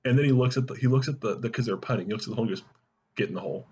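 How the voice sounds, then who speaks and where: A man co-hosting a podcast, rambling and laughing as he pitches a silly movie idea in casual chat. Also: very fast, warm tone, breathy edge. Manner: rambling, laughing, acting out quoted lines. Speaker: podcast co-host. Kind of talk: casual comedic brainstorming chat. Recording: slightly dull lo-fi audio.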